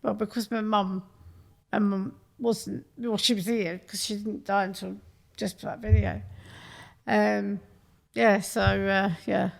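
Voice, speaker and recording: A woman's voice: medium pitch, flat delivery, measured pace, gravelly. A woman, telling blunt, sweary stories as a podcast guest in a studio. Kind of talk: casual chat.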